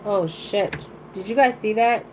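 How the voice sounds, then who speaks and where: A woman's voice: mid-range voice, a little slow, a little mellow, slight background noise, low-quality recording. A woman giving a live-streamed oracle card reading to her viewers. She rambles bluntly in casual slang and keeps checking in with "okay?".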